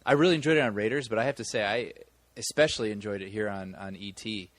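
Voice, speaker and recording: A man's voice: fairly low pitch, fast talker, dry recording. A man co-hosting a movie podcast, telling a long story in casual chat with many restarts. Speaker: podcast co-host.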